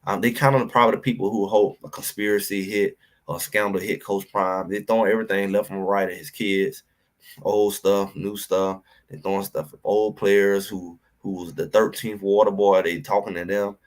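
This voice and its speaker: Low-voiced man ranting about football. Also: normal speed. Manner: animated, preachy rant, addresses chat directly. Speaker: sports talk host. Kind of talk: livestream sports commentary.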